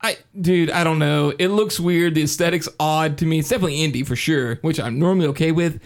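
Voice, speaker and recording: A man's voice: a little high, quick pace. A man co-hosting a podcast, laid-back and casual, laughing often and swearing in passing. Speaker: podcast co-host. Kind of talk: casual chat.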